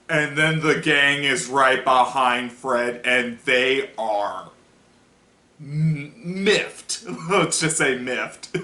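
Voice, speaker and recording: Bright-voiced young man reviewing, laughing. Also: mid-range voice, slow pace. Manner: rambling, laughs often, many restarts. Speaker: show reviewer. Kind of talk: casual review chat. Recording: echoey room.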